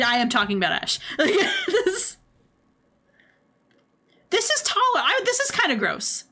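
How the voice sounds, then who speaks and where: A young adult woman giving casual livestream commentary, animated, laughing often and swearing freely. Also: high voice. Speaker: streamer.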